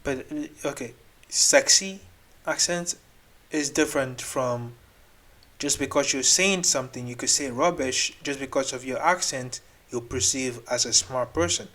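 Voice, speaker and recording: A man's voice: medium pitch, normal speed, sharp tone. Exasperated man ranting. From Nigeria. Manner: exasperated, argumentative, thinks aloud with restarts. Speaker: reaction video host. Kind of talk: ranting reaction commentary.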